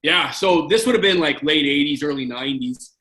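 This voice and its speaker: Man in his forties, bright-voiced. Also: on the high side, brisk, low-quality recording. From Canada. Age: 40s. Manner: rambling, many fillers and restarts, laughing. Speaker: guest, former hockey player. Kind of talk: casual storytelling.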